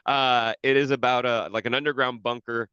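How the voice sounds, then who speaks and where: A man's voice: medium pitch, fairly even intonation, a little fast, sharp tone, clear, resonant tone, no room sound, lo-fi sound. Rambling, swearing man on a podcast. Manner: rambling, profane, many restarts. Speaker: podcast co-host. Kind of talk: casual chat.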